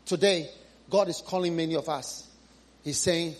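A man preaching an impassioned sermon, moving from loud, high cries to low, hushed appeals, repeating phrases and pleading with the congregation. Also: normal speed, pauses often.

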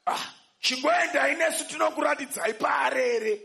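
A man interpreting a sermon, shouting the lines with emphasis. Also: very high voice, normal speed, creaky, echoey room.

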